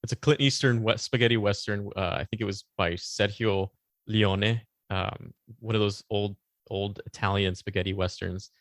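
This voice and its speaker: A man's voice: lowish voice, steady tone, moderate pace, dry recording, studio quality. A man co-hosting a podcast, talking casually and rambling, often stopping to search for words and laughing along. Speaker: podcast co-host. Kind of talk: casual chat.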